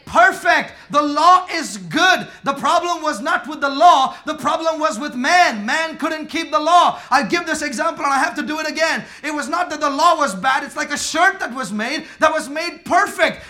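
A man preaching a sermon emphatically, using call and response, swinging between quiet talk and shouting. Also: very high voice, normal speed, hardly any pauses. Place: church with congregation.

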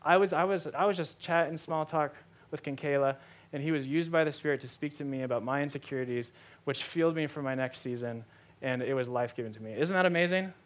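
A man's voice: a little high, fast. A young adult man preaching a sermon, telling a personal story in a conversational way with many fillers like "like". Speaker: pastor.

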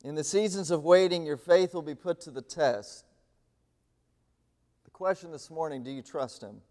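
A man giving a sermon as a guest speaker, swinging between loud pleading and hushed, near-whispered lines. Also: a little high, normal speed. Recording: long hall reverb.

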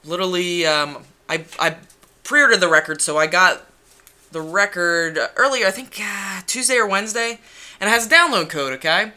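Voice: mid-range voice, moderate pace, bright, forceful tone. A co-host of a music review podcast, talking in a rambling, self-deprecating way with swearing. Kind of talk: casual music review chat.

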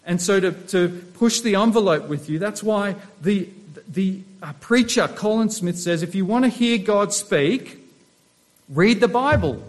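A man with a high-pitched voice preaches a sermon to his congregation. He is a middle-aged pastor who keeps asking his listeners questions as he teaches from scripture. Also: expressive, measured pace. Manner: asks the congregation rhetorical questions.

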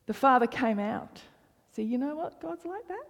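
A woman preaching a sermon with a fairly high voice. She speaks emphatically, repeating phrases for stress and at times dropping almost to a whisper. Her voice carries a long hall reverb. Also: lively intonation, moderate pace.

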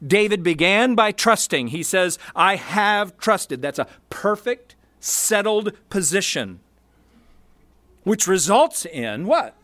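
A man preaching a sermon, emphatic, stressing key words and pausing deliberately between short phrases. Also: high voice, fairly bright tone. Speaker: pastor.

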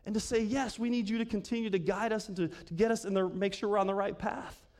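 With a high, darkish voice, a quick pace and fairly even intonation, a man preaches conversationally as pastor in a church sanctuary. He questions the congregation and laughs a lot, all under a hall's long reverb.

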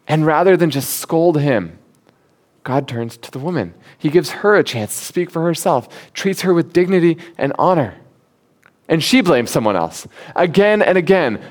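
A man preaching a sermon in an animated, conversational way, asking rhetorical questions and acting out the quotes he tells. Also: a little high.

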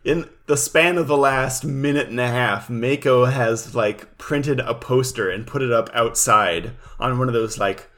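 A man's voice: mid-range voice, measured pace, hardly any pauses, fairly bright tone. A man co-hosting a podcast, recapping an episode in laid-back, filler-heavy chat. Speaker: podcast co-host.

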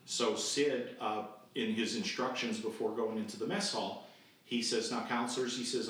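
A man's voice: lowish voice, normal speed. Older man telling camp stories, echoey and distant. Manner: animated storyteller who acts out quoted voices. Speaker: guest. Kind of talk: storytelling interview. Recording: distant echoey remote recording with faint noise.

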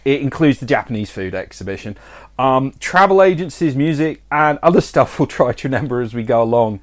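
A man's voice: medium pitch, animated, fairly quick. A man co-hosting a podcast, talking in a jokey, self-deprecating way. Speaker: podcast co-host. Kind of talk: casual chat.

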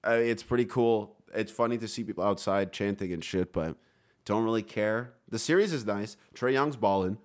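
Laid-back, swearing podcast host, low voice. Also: male voice, normal speed. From Texas. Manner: laid-back, swears a lot, laughs often. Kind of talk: casual chat.

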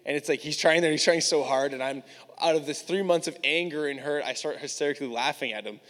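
A man's voice: a little high, fast talker, a bit bright. A male preacher telling a personal story to his church in a candid, casual way, full of "like". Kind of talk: storytelling sermon. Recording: long reverb of a large hall.

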